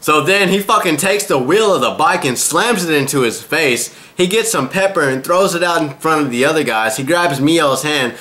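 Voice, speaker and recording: A man's voice: fairly high pitch, moderate pace, hardly any pauses, sharp tone. A man casually recapping an anime episode in a crude, rambling way, full of profanity. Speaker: anime reviewer.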